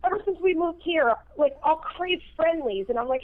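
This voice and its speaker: A woman from New Jersey with a fairly high voice chats casually on a podcast. She swears easily and sounds laid-back, heard through a tinny, phone-like line. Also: big pitch swings, fairly quick.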